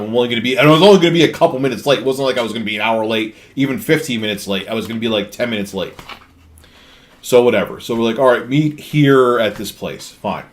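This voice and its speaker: A man's voice: mid-range voice, quick pace. Rambling, cussing male streamer. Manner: rambling, profane storytelling with many restarts. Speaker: live streamer. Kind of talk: casual live-stream chat.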